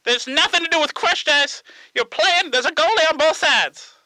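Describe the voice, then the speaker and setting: A man puts on a goofy young Zamboni driver, squeaky and sing-song. His lines bounce up high. The sound is dry. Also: moderate pace, sharp tone, dry recording, heavily acted.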